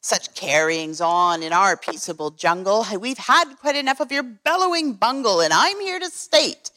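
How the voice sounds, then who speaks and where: A woman's voice: medium pitch, lively intonation, normal speed, pushed and bright. A woman voicing a sour, scolding female kangaroo who snaps and huffs in rhyming verse. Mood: scornful. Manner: snappish, huffy, scolding. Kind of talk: reading a picture book aloud.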